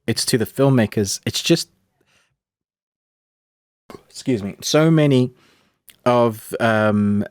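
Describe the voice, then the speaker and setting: A man from Britain co-hosting a casual movie review podcast, animated and laughing often as he acts out his reactions. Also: mid-range voice, slow pace, long pauses, clear, resonant tone, no echo, studio quality. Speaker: podcast co-host.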